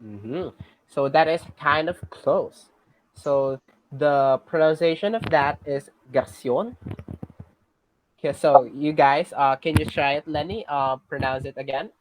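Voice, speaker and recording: A teacher with a Filipino accent giving a class lesson, patiently checking in with students and pausing on fillers. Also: mid-range voice, slight background noise, rough recording. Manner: patient, checks in with "okay?" often; hesitant, many fillers and restarts.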